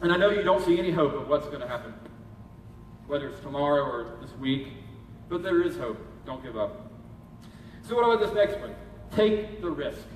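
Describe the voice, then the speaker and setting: A man's voice: a little high, animated, brisk, slight background noise. A man preaching a sermon as pastor, urging and conversational in his manner. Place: church hall. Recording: echoey hall, heard from a distance.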